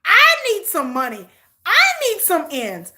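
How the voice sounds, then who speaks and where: Brief: bright, high female reactor, sassy and lively, laughs a lot, talks back at the TV. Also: a little slow. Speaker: reaction host. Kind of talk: casual live reaction commentary.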